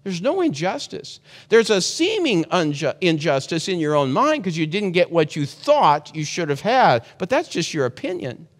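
A man delivering a sermon in a talky, earnest manner, often backing up to restart a phrase. His voice sits slightly high for a man. The recording carries a long hall reverb behind him. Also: big pitch swings, moderate pace, few pauses. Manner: conversational, earnest, frequent restarts. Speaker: preacher.

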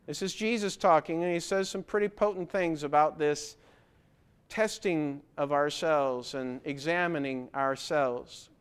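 High-voiced man preaching a sermon. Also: a little slow, clear, resonant tone. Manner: earnest, exhorting, asks pointed questions.

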